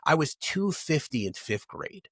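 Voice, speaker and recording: A man's voice: a little high, very animated, a little slow, fairly bright tone, breathy edge, no echo, studio quality. A man on a podcast, telling candid stories in a casual, profane way. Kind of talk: casual chat.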